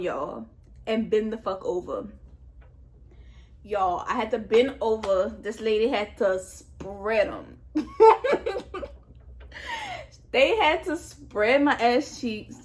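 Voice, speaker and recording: A woman telling a personal story in a casual vlog, animated and profane, talking straight to her viewers. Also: on the high side. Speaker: vlogger.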